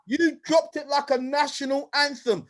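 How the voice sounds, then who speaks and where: A man from the United Kingdom hosting a live online event with lively, hyped-up energy, often calling people "brother" and "King.". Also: very high voice, moderate pace. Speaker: host and presenter.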